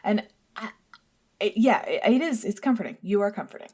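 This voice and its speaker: A woman's voice: mid-range voice, lively intonation, a little fast, mellow, slightly rough. A young woman co-hosting a podcast in casual chat, rambling and self-deprecating, laughing often. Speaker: podcast co-host.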